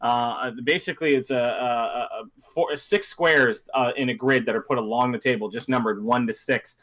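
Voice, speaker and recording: Bright-voiced man running a tabletop game. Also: medium pitch, normal speed. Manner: hesitant, lots of restarts and fillers. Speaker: dungeon master.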